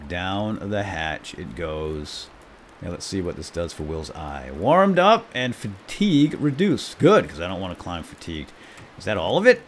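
Excitable deep-voiced man narrating gameplay. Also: slight background noise. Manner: chatty, excitable, narrates his own moves. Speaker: gaming YouTuber. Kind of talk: let's play commentary.

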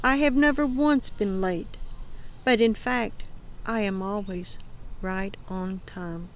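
A woman voicing Jesus as a gentle divine man, speaking softly, low and hushed. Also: slow pace, a little hiss or hum.

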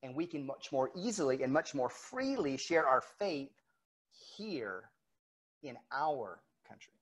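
A man's voice: mid-range voice, very animated, a little slow. Man preaching a conversational sermon. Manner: conversational, retells dialogue with quotes. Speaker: pastor. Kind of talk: sermon storytelling. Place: church sanctuary, recorded for online service.

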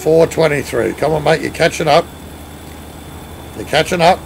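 A man with an Australian accent hosts a relaxed live stream, bantering with friends while reading viewer comments aloud. His voice sits a little high and has a gravelly edge. A faint hiss lies under the talk. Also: normal speed, low-quality recording. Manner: chatty, reads and answers chat while driving. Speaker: streamer leading a truck convoy. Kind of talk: casual live-stream chat.

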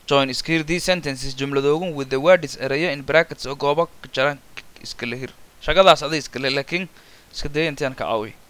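A man with a Somali Maay accent teaching an English grammar lesson. He reads each English phrase slowly and then explains it in Somali. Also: fairly high pitch, bright, forceful tone, no echo.

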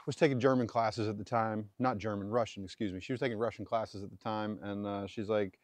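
A man with a lowish, steady voice, talking a little fast, narrates a hands-on butchering demonstration as a homesteader. His casual how-to commentary rambles, self-corrects and wanders into chatty asides, and the recording has no echo.

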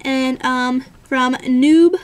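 A young woman in her twenties with a high voice chats casually to the camera, answering viewer questions. She rambles, stops to correct herself and fills the gaps with ums. Her tone is easygoing and pokes fun at herself. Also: steady tone, drawn-out words. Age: 20s. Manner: chatty and rambling, many ums and self-corrections. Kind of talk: casual chat.

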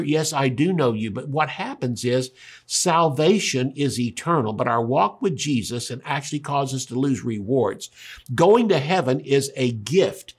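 An older male pastor teaches a Bible study in a slightly husky, breathy voice at a middle pitch. He tells the story with animation, voicing the people in the passage as he goes. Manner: animated storytelling, acts out quoted dialogue.

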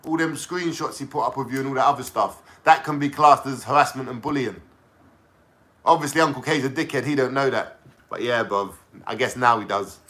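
A man's voice: medium pitch, brisk, a bit bright. A young man with a London accent, ranting casually to camera in a slangy, mocking, swearing way. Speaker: vlogger.

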